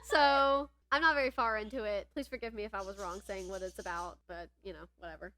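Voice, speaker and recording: Bright, giggly woman podcast co-host. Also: medium pitch, fairly even intonation, brisk. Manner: chatty, laughs often, rambling. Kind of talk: casual chat.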